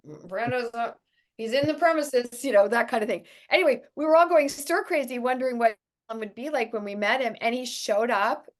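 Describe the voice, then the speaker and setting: A woman's voice: fairly high pitch, fast. A middle-aged actress telling stories in a casual interview, laughing often and acting out the people she quotes. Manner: animated, laughs often, acts out quoted voices. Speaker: actress guest.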